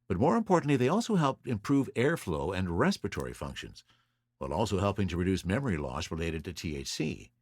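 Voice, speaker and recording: Podcast host, male, low voice, animated pitch, reads lists, dry booth sound. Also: no echo. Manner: reads from notes, lively listing. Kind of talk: solo podcast explainer.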